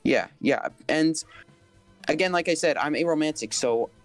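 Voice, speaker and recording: A man's voice: on the high side, normal speed, faint music behind. Nervous, hesitant male caller. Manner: nervous, hesitant, restarts sentences. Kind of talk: call-in conversation.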